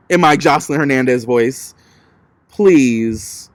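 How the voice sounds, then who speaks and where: A man's voice: mid-range voice, slow, clean tone, no room sound. A man giving a chatty, sassy recap of a reality TV episode, with lots of casual filler words. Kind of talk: casual gossipy commentary.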